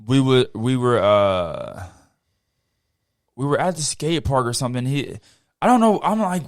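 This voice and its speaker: A man hosting a podcast, telling a story in a casual, animated way and swearing freely. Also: medium pitch, unhurried, long pauses. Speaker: podcast host.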